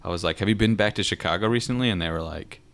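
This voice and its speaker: A man's voice: sits low, racing, a bit bright. A young man co-hosting a podcast, chatting casually and telling stories in a laid-back way. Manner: laid-back, storytelling, says "dude". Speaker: podcast co-host. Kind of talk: casual chat.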